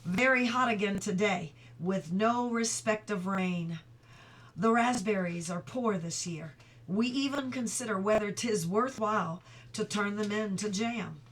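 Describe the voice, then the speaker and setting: A middle-aged woman reading a novel aloud at home, steady and clear, now and then stopping for chatty asides. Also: mid-range voice, a little slow. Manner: reads steadily, breaks off for chatty asides and laughter. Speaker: audiobook reader.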